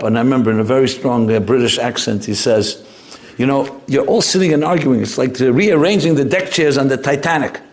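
A man's voice: mid-range voice, gravelly, slight background noise. Man, Torah class, informal lecture, anecdotal, rambling, frequent restarts. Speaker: Torah teacher.

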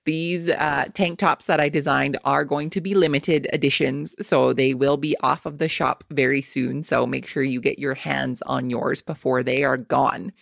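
A woman's voice: very deep voice, steady tone, moderate pace, creaky, few pauses, dry recording, studio quality. A woman hosting a podcast, chatting casually and speaking straight to her listeners in an upbeat way. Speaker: podcast host. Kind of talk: casual podcast interview and sign-off.

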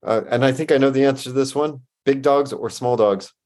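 A man hosting a podcast interview, firing off quick questions and answering with short, easy reactions. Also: mid-range voice, a little mellow. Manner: easygoing and affirming, with short reactions. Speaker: podcast host.

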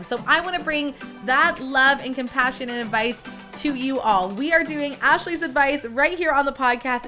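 Young woman rambling on her podcast, bright higher voice, big dramatic self-roasting. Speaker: podcast host. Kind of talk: casual chat.

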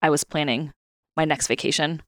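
A man's voice: fairly high pitch, fairly even intonation, moderate pace, a bit bright, no echo, studio quality. A man hosting a podcast, chiming in with casual, chatty remarks. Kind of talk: casual chat.

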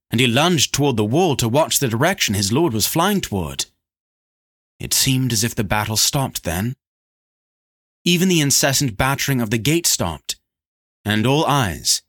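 A man narrating a fantasy novel chapter in a steady, dramatic storytelling manner. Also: mid-range voice. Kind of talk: scripted audiobook narration.

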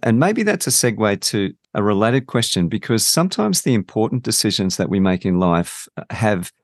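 Podcast host: deep-voiced middle-aged man, reflective and measured, dry close sound. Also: big pitch swings, no room sound. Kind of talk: interview conversation.

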